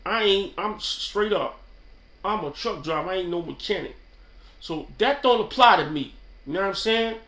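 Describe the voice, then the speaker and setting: High, bright-voiced New man rambling. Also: echoey room. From New York. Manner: slangy, rambling, keeps asking "you know what I'm saying". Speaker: channel host. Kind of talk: casual off-the-cuff commentary.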